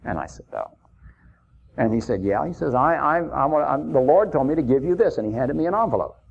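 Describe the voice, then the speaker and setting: A man's voice: mid-range voice, animated, a little fast, vocal fry, slightly rough. A man preaching, telling a personal story in a folksy, chuckling anecdotal way. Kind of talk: sermon storytelling. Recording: dull lo-fi recording.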